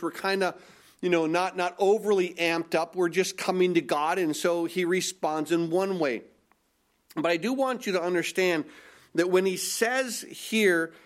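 Impassioned male preacher, higher voice. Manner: animated, rising to emphatic peaks then slowing to stress quoted verses; repeats words and restarts phrases. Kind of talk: sermon.

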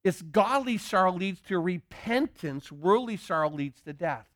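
A male pastor preaching a sermon, animated, asking the listeners rhetorical questions and acting out quoted pleas. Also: sits high, a little slow, no room sound, studio quality.

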